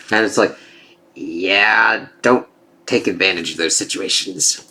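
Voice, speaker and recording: A man's voice: deep voice, a little slow, sharp tone. A man giving a casual spoken comic book review, loose and profane. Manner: casual, swears, laughs at the jokes.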